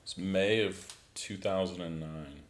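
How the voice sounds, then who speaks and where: A man who works as an actor, talking casually as a guest in a relaxed way, with many filler phrases. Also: sits low, unhurried. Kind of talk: casual interview chat.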